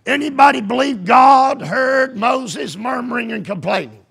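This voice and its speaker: High, gravelly preacher shouting fervently. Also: male voice, expressive, unhurried, hardly any pauses. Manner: fervent, often shouting, folksy. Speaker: pastor. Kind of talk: sermon.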